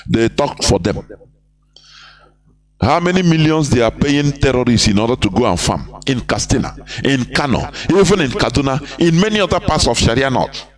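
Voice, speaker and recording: Medium in pitch but swinging widely, and moving at normal speed, a Nigerian man speaks on a live broadcast. As an activist broadcaster he's impassioned about politics, asking rhetorical questions and weaving Igbo phrases into his speech.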